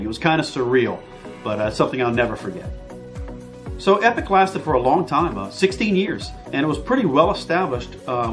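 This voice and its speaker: A man's voice: mid-range voice, fairly bright tone. A middle-aged man, an author talking about his book series in a casual direct-to-camera vlog, chatty and self-deprecating with playful asides.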